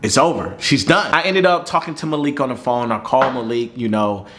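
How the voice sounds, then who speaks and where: A young man telling a personal story in a casual vlog, animated, slangy and profane. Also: medium pitch, brisk, a little hiss or hum.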